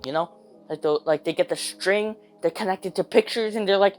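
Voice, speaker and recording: A young man telling a rambling, slangy storytime rant, hopping into quick voices for quotes. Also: sits high, soft background music.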